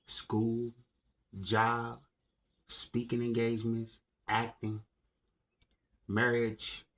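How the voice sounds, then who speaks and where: A man giving a slow, deliberate motivational monologue, often pausing to ask "right?" and correcting himself. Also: on the low side. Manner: slow, deliberate, keeps asking "right?" and restarting words. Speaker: motivational speaker. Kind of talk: slow solo monologue to camera.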